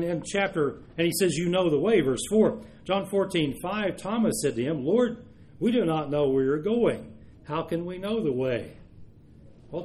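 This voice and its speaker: A man delivers a sermon, walking through scripture verse by verse. His voice sits a little high for a man, and he slows right down to stress the lines he wants to land. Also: darkish tone. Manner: measured, slows for emphasis on key verses. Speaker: preacher. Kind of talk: sermon reading and explaining scripture.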